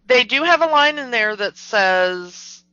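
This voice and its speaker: This woman co-hosts a podcast, talking about a movie in a casual, skeptical, animated way full of fillers. Her voice sits on the high side with a sharp tone, and she doesn't rush. The podcast audio is dull and lo-fi, with no echo.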